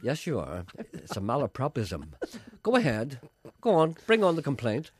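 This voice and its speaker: Brief: male radio host, excitable and joking, very animated pitch, dry close mic. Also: moderate pace, slightly rough, dry recording. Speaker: radio presenter. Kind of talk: casual radio banter. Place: radio studio.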